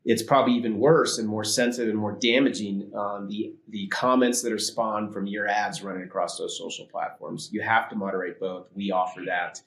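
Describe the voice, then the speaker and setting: A man's voice: on the low side, steady tone, fairly quick, hardly any pauses, a bit bright, echoey room. A man speaking as a vendor guest on a live webinar, confident and salesy, with frequent fillers.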